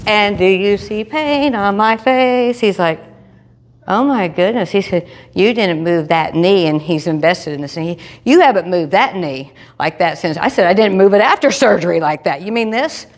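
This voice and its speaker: Woman, storytelling to a group, lively delivery, acts out dialogue, voice leaps high for quotes. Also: normal speed. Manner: lively, acts out dialogue with big pitch jumps. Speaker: presenter sharing a testimony. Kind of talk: animated storytelling to a live group.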